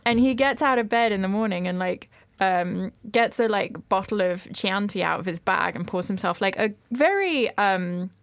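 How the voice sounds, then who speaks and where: A woman's voice: mid-range voice, lively intonation, moderate pace, few pauses, dry recording. Young-sounding woman chatting, says like a lot, dry close mic. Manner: chatty, lots of "like" fillers. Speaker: podcast host. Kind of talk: casual chat.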